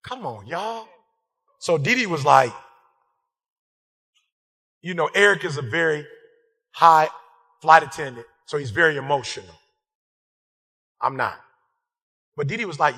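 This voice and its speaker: A man giving an impassioned sermon-style motivational speech, fiery and repetitive, calling out to the crowd and breaking into shouts. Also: on the high side, expressive, unhurried, pauses often, long reverb tail. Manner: fiery, repetitive call-and-response, bursts into shouts. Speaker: motivational speaker and preacher.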